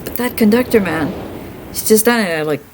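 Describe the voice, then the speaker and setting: A tired woman streamer who is a classical musician, chatting casually and venting in a rambling, animated way while playing a game. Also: medium pitch, fairly quick, slight background noise, rough recording.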